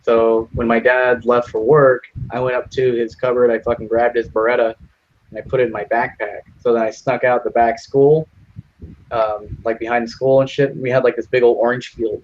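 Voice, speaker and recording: A man's voice: mid-range voice, flat delivery, normal speed, lo-fi sound, a little hiss or hum. A young man telling a long profane story in casual voice chat, jumping into other people's voices for the quotes. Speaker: lobby chat regular.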